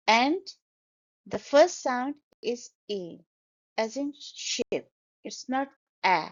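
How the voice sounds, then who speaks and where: A woman teaching English vocabulary at an unhurried pace, sounding out each word syllable by syllable. Her voice sits in a middle pitch, and the recording is slightly dull and lo-fi. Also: lively intonation. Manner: slow, careful, syllable-by-syllable pronunciation. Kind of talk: pronunciation lesson.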